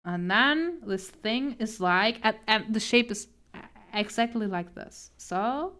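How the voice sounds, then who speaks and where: A woman's voice: fairly high pitch, lively intonation, slow, pushed and bright. A young woman art streamer chatting casually while she draws, laughing often, flustered and self-deprecating. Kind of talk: casual chat while drawing.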